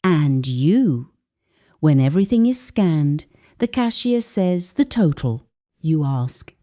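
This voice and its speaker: An English teacher narrates a lesson slowly, clearly, and unhurriedly in a mellow voice, very animated, with her pitch moving up and down a lot. Whenever she reads an example phrase, her voice lifts into a higher lilt.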